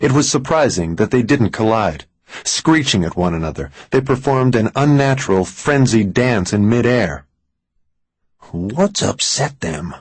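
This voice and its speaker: A man reading a thriller audiobook in an even, deliberate scripted narration. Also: medium pitch, dry recording, rough recording.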